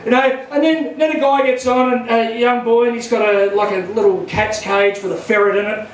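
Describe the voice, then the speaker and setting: A man with an Australian accent doing stand-up comedy, telling a crude, rowdy story and shouting his punchlines. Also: very high voice, fairly even intonation, fairly quick, background noise. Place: small comedy club stage. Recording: echoey room from far off.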